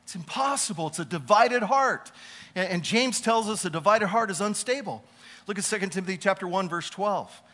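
In a high voice at a moderate pace, a man preaches a lively sermon as a pastor, elongating key words and turning chatty for his personal stories.

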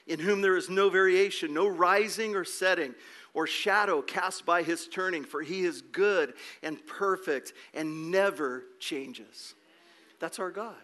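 Bright-voiced male pastor preaching. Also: high-pitched. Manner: emphatic, asks rhetorical questions, repeats words. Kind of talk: sermon.

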